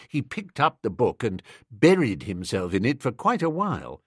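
A man narrating an audiobook in a breezy, expressive first-person storytelling manner. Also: mid-range voice, normal speed, hardly any pauses, breathy edge, dry recording, clean studio sound.

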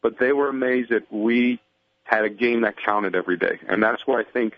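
A man calling in as a guest, chatting casually and relaxed, often saying "I mean". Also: mid-range voice, moderate pace, no room sound, narrow, tinny audio. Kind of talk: casual phone-in chat.

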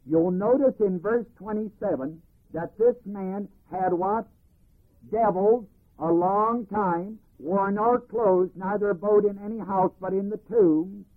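A man teaching a Bible class, reading verses and explaining them deliberately, phrase by phrase. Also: high-pitched, husky. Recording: tinny archival phone-band recording.

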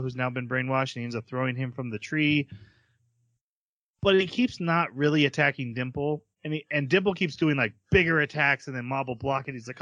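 Brief: bright, dry-sounding male co-host, lively recap storyteller. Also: mid-range voice, no echo, muffled recording. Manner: animated storyteller, acts out character quotes. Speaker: podcast co-host. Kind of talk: casual anime recap chat.

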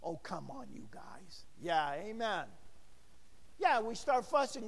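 A man's voice: a little high, sing-song, slow pace, long reverb tail. A middle-aged man preaching a sermon in a church, talking with the congregation and asking them questions. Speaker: pastor.

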